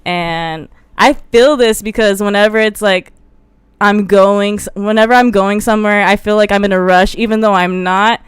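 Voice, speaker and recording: Laid-back young woman, very clear voice. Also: mid-range voice, moderate pace, no echo, clean studio sound. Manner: laid-back, laughs often, calm advice-giving. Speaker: podcast co-host. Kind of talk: casual chat.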